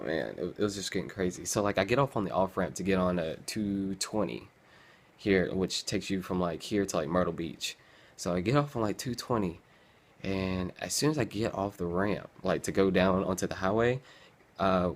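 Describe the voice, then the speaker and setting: A man's voice: sits low, normal speed. A young man, telling a rambling vlog story in casual chat and acting out his past self with groans and sighs. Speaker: vlogger.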